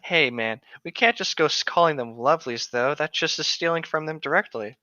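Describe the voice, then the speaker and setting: Bright, lo-fi joking young man. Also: a little high, a little fast, no room sound. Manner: rambling, joking, laughs a lot. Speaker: co-host reading stories. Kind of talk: casual podcast chat and story reading.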